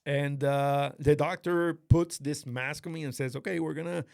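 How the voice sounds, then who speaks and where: A man host casually telling a story to a friend, animated and swearing often, acting out what others said. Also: a little high, moderate pace, vocal fry, no echo, studio quality. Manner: animated, swears a lot, acts out quoted voices. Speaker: podcast host.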